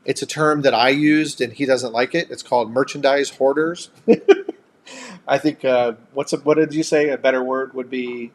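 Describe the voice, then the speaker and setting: A man's voice: medium pitch, fairly even intonation, normal speed. A man co-hosting a casual live-stream chat, talking at length and reading out viewer comments with thanks.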